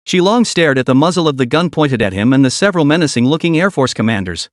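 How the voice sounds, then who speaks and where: A man narrates a dramatic story with a lively, animated pitch. His voice sits a little high. The recording is dry and close. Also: quick pace, no room sound.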